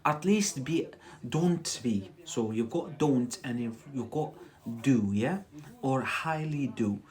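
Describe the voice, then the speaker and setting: A man teaches a live lesson at an unhurried pace. He repeats words over and over and checks in with a quick "yeah?", coaching like a patient tutor. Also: medium pitch, a little mellow. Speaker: English teacher. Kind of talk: livestreamed English lesson.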